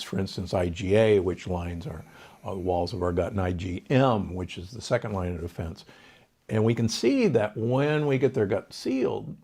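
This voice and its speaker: An older male doctor, appearing as a guest on a podcast interview, explains health advice with authority, citing numbers and often restarting his sentences. His voice is lowish, gravelly and husky, with a darkish tone.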